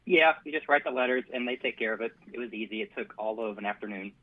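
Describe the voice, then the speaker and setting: A male caller on a radio show, brisk and matter-of-fact in a phone-in chat. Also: medium pitch. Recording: tinny phone line.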